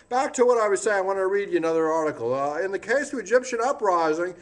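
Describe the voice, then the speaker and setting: A man's voice: sits high, fairly bright tone. A man doing a rambling old newspaperman. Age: older. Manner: rambling, digressive, loses his place and stammers. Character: rambling old male newspaperman, scatterbrained and boastful. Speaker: comedian doing a tribute impression. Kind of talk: comic monologue.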